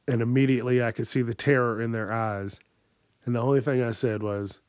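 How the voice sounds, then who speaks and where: A man's voice: mid-range voice, fairly even intonation, normal speed, long pauses, darkish tone, dry recording. Profane ranting man, dry sound. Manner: angry, swears constantly, acts out other people in raised voices. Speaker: podcast host.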